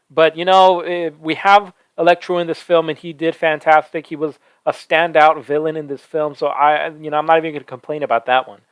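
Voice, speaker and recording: An excited man recaps a film he loves, his slightly high voice tumbling out breathless with enthusiasm. He speaks close to the microphone in a dry, dead room. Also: clean tone, dry recording, low-quality recording. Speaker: film reviewer. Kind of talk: excited spoken movie review.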